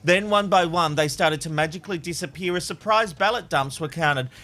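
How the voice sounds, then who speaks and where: A man's voice: on the high side, a little fast, pushed and bright. A man putting on a clumsy, exaggerated impression of a blustering older male politician. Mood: indignant.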